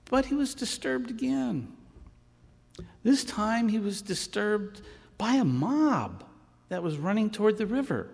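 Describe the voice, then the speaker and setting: A man preaching a sermon, telling a story in a slow and expressive way. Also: high-pitched, vocal fry. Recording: long hall reverb.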